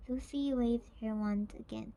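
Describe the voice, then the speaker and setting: A woman reading a children's picture book aloud in a slow, careful, gentle way. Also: on the high side, steady tone, poor audio. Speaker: storyteller.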